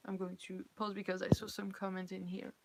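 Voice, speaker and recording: A woman with a French accent and French as her first language, reading fan fiction aloud on a live stream and pausing to chat and laugh at her slips. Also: mid-range voice, monotone, creaky, heavy background noise.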